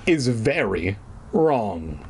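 A man's voice: on the low side, sing-song, drawn-out words, gravelly, breathy edge, voice pushed down, full character voice. A man voicing an anxious boy trapped in an animal's body, urgent and pleading. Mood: alarmed.

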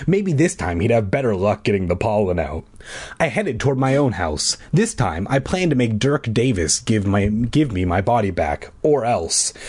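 A man's voice: mid-range voice, breathy edge. A young man reading a children's story aloud in a casual, jokey way, adding cheeky profane asides. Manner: animated, jokey, swears in asides. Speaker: audiobook reader.

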